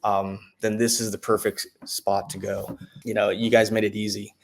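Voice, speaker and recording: A man, a military veteran, giving a casual spoken testimonial, halting with many restarts and fillers, his voice jumping up excitedly when he retells what was said. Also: lowish voice, slight background noise. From United States.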